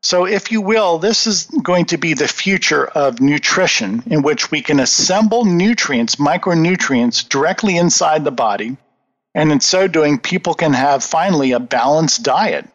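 A man's voice: a little high, expressive, normal speed, fairly bright tone. A man answering interview questions in an earnest, emphatic, lecturing manner. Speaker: guest. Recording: dull lo-fi audio with long reverb.

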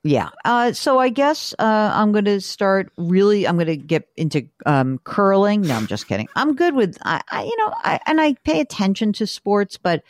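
A woman's voice: mid-range voice, big pitch swings, moderate pace, hardly any pauses, dry recording, studio quality. A middle-aged woman hosting a call-in money show, chatty and joking as she questions a caller. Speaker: host.

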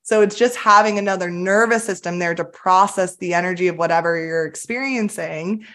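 A woman's voice: lowish voice, a little fast, a bit bright. A woman, a therapist, explaining her approach in a casual, earnest and upbeat podcast interview. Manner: earnest, upbeat, enthusiastic coaching tone. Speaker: somatic attachment therapist, guest.

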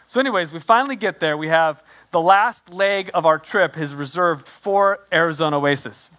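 A man in his forties, a pastor telling a story in his sermon, animated and self-deprecating, acting out what people said. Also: fairly high pitch, normal speed.

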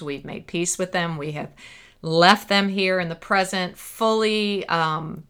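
A woman's voice: fairly low pitch, pushed and bright, smooth. A woman hosting a faith-based self-help podcast as a therapist, talking earnestly and stressing key words by repeating them.

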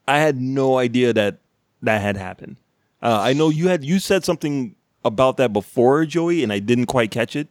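A man co-hosting a podcast in casual chat, enthusiastic and animated, swearing freely. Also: medium pitch, fairly quick, no echo, clean studio sound. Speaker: podcast co-host.

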